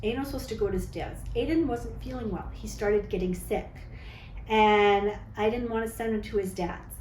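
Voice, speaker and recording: A woman's voice: mid-range voice, moderate pace, darkish tone, reverberant, a little hiss or hum, poor audio. A woman vlogger telling a personal story to camera in a candid, dramatic, chatty way, often tagging her lines with "okay?". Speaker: vlogger telling dating stories.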